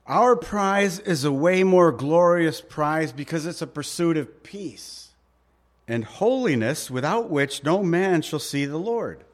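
Middle-aged male pastor, slightly high voice, easygoing sermon delivery, slow when reading verses, sudden quiet stresses. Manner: conversational preaching, slows down to read verses, drops quiet for emphasis.

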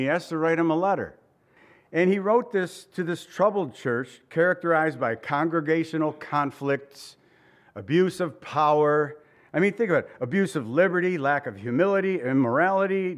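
A man preaching to his congregation with a fairly high voice, speaking earnestly and conversationally. He sounds worn out and close to tears, laughing between his points as he presses his listeners. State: tired and near tears. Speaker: pastor. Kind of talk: sermon.

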